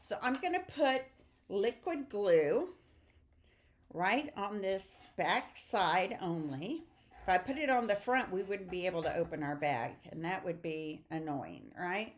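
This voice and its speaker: A woman's voice: fairly low pitch, big pitch swings, unhurried, slight background noise. A middle-aged woman teaching a papercraft project, chatty and upbeat as she talks viewers through each step. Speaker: stamping and papercraft instructor. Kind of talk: casual craft tutorial.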